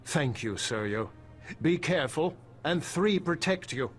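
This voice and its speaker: A man's voice: on the high side, expressive, a little slow, husky. An actor playing a worried male farmer, a former financier and weary husband, polite and anxious. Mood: put-upon. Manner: polite, anxious, put-upon. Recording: game audio with soft music behind.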